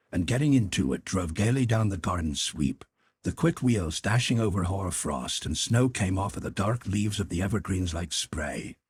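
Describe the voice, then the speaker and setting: A male audiobook narrator reading a classic story with expressive delivery. His low voice is strongly husky and moves lively up and down. The sound is dry and close. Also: no echo. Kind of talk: scripted narration.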